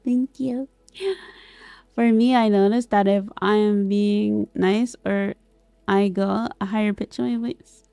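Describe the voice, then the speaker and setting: Giggly streamer woman with vocal fry. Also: medium pitch, a little slow, no echo. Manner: swings between squealing excitement and soft mumbling; giggly, reads chat aloud and answers it. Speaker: vtuber streamer. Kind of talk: casual live-stream chat.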